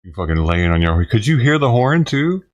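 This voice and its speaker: Swearing and laughing, an agitated vlogger who feeds stray cats rants casually about his neighbor. His mid-range voice swings widely in pitch while he keeps a normal speed.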